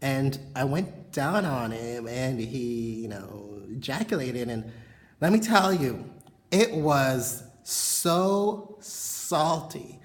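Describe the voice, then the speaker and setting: A woman's voice: a bass voice, animated, slow. Frank rambling woman vlogging from bedroom. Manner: frank, rambling, heavy on "you know" fillers. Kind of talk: casual chat to camera. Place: bedroom at home.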